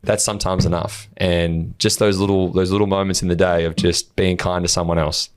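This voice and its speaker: A man with a deep, low voice talks in a casual podcast chat. He is earnest and blunt, swears freely, and acts out how he answers online trolls. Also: little pitch movement, fairly quick, clean tone. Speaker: podcast co-host.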